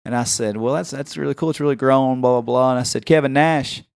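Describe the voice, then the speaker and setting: Man, Tennessee accent, rapid storytelling, dry close sound, animated, acts out quoted voices. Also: mid-range voice, vocal fry, smooth, no echo. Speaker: podcast host. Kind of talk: casual storytelling chat.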